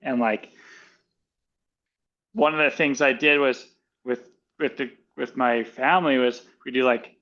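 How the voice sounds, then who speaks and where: A man chatting as a guest on a podcast, speaking slowly and haltingly with many fillers. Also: mid-range voice, fairly even intonation, bright, forceful tone, lo-fi sound. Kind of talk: casual chat.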